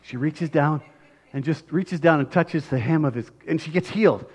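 A male pastor giving a conversational, animated sermon, often checking in with tag questions and acting out scenes. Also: fairly high pitch, moderate pace, breathy edge.

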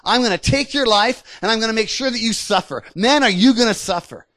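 A man's voice: high voice, a little fast, fairly bright tone, pitched above the performer's own voice. A man voicing a taunting male giant of sickness, a bully who gloats and makes menacing threats.

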